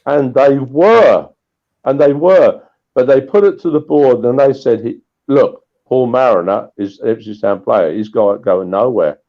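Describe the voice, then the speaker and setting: A man swapping old anecdotes in a casual chat, animated and full of restarts. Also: medium pitch, a little slow, highs cut off. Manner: animated storytelling with repeated restarts. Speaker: guest storyteller.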